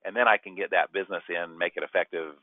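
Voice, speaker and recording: Deep-voiced and quick, a man delivers a sales training session over a dry, tinny phone-like line with no room sound. He's animated throughout, acting out brief client exchanges as role-played dialogue.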